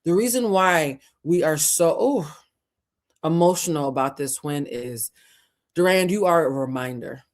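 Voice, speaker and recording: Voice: medium pitch, a little slow. A show host giving impassioned commentary to camera, fiery and profane, preaching with repeated phrases while close to tears. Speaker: host of a culture and tarot channel.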